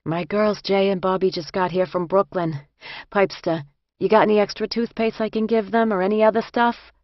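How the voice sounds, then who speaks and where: A woman's voice: mid-range voice, steady tone, a little fast, dry recording, dull audio, pitched above the performer's own voice, lightly acted. A woman reading the part of an eager, chummy woman prison inmate.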